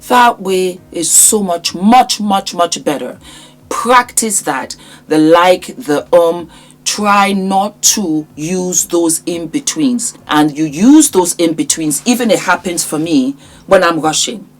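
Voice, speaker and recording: A middle-aged woman hosting her own channel, giving casual advice in an animated, emphatic way and repeating phrases for effect. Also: lowish voice, slow. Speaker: YouTube host, speaking coach.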